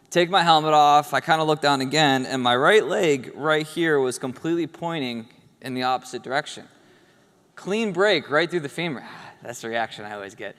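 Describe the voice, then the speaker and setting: Man, award speech, casual and humorous storyteller, smooth voice, reverberant hall. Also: fairly high pitch, brisk, fairly bright tone. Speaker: award speaker. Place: event hall stage. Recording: echoey hall.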